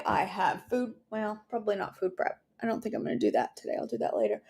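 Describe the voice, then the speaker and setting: A woman with a mid-range, steady voice talks quickly, with vocal fry and a slightly rough texture. She hosts a daily devotional from home, speaking earnestly and casually as she leads a prayer. Her manner is warm and conversational, full of fillers and asides.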